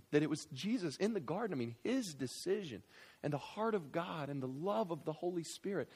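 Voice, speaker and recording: A man in his thirties, a pastor preaching a sermon in an animated, conversational way, with asides and fillers. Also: breathy edge. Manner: animated preaching with big swings in loudness and pitch. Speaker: visiting pastor.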